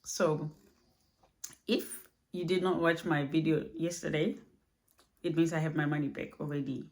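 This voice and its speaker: A woman speaking softly and haltingly in a personal vlog recorded at home at night, low on energy. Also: steady tone. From Australia. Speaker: vlogger.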